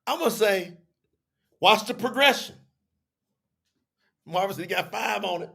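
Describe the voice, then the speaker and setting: A man's voice: high voice, expressive, a little slow, vocal fry, sharp tone, husky. A man teaching a live audience on a religious telethon, chatty and repetitive, acting out both sides of an argument as he explains.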